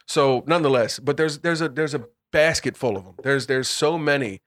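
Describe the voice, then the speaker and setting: A man's voice: medium pitch, normal speed, fairly bright tone, no room sound, clean studio sound. A man leading a casual group Bible discussion, explaining word by word, often repeating and restarting phrases and breaking into laughter. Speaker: Bible study leader.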